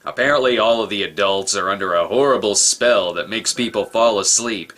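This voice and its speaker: Sarcastic, bright-voiced male film critic. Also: fairly low pitch, a little fast. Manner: sarcastic and profane. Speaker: film reviewer. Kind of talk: comedic film review voice-over.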